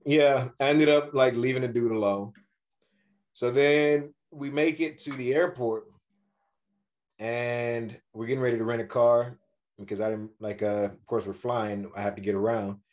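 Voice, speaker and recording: Podcast co-host, male, mid-pitched, animated storyteller who acts out quotes. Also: normal speed. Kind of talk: casual storytelling.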